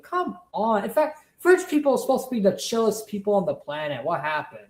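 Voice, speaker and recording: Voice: medium pitch, big pitch swings, a little fast, roomy sound, poor audio. A streamer who rants in a profane, emphatic way, often repeating points. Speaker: commentary streamer. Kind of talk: heated casual rant.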